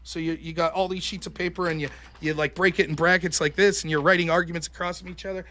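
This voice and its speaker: A man's voice: a little high, flat delivery, fast, sharp tone. A man hosting a podcast, telling a story in casual, profane chat and mocking the people he quotes in put-on voices. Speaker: podcast host.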